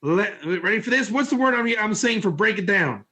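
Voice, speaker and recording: Guy teaching torah, high bright voice, jokey, keeps quizzing the class. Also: normal speed. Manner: energetic, joking, asks the audience questions.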